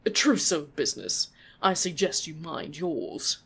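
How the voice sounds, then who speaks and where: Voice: medium pitch, very animated, measured pace, creaky, fairly bright tone, breathy edge, exaggerated voice. A reader voicing a haughty, disdainful male vampire elf in a storybook reading. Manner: disdainful, fussy.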